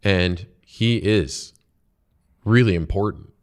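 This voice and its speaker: Slowly and in a low voice, a podcast host makes casual conversation about work and his colleagues, letting sentences trail off before starting them over.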